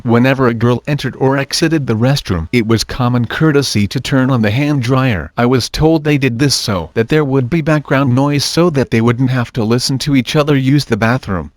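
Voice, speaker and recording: A man narrating online forum posts aloud in a steady, even reading delivery. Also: medium pitch, no room sound.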